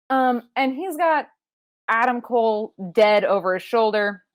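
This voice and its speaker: A woman co-hosting a podcast, recapping a wrestling show in casual chat, swearing freely and leaping into high-pitched impressions. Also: a little slow, clean tone, no room sound. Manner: animated, profane, jumps into high-pitched impressions. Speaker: podcast co-host.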